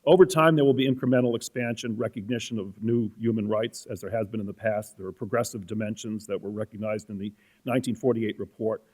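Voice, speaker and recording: A man giving formal academic remarks as a panel respondent, measured and with frequent "uh" fillers. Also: fairly low pitch, fairly even intonation, darkish tone.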